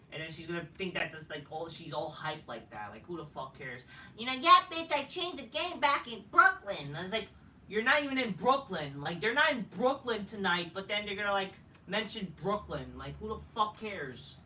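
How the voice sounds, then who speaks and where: A man rants through a wrestling review, profane and dismissive, stumbling over restarts. His voice is bright and forceful. The sound is roomy, with the mic set a little away from him and faint noise underneath. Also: sits high, recorded from a distance.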